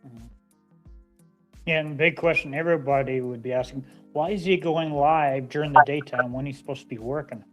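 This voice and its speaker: A man's voice: medium pitch, steady tone, a little fast, fairly bright tone, muffled recording, faint music behind. Man chiming in with brief agreement. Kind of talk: casual chat.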